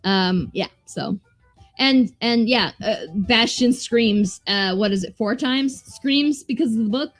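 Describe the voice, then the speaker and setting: A woman's voice: a little high, takes it slowly, dry recording, soft background music. A young adult woman co-hosting a podcast, chatting casually and animatedly about a movie, swearing freely and restarting her sentences. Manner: animated, profane, rambling with restarts. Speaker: podcast co-host.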